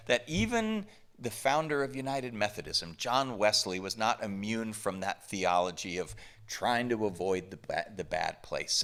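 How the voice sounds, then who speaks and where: A man's voice: on the low side, bright, forceful tone. A man from the southern United States preaching a conversational sermon to his church, full of emphatic rhetorical questions. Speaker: pastor. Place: church sanctuary.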